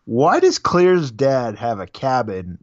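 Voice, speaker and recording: A relaxed man co-hosting a podcast who steers the questions, chuckling now and then. His recording sounds dry, with a slightly dull, muffled tone. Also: mid-range voice, takes it slowly, no echo. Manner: relaxed, leads the questions, soft laughs. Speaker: podcast co-host. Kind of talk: casual chat.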